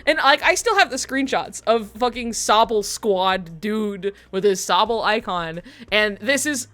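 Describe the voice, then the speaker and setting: Woman, streamer, casual storytelling, rambling, swears a lot, laughs often, medium pitch, faint music behind. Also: animated, unhurried, a bit bright.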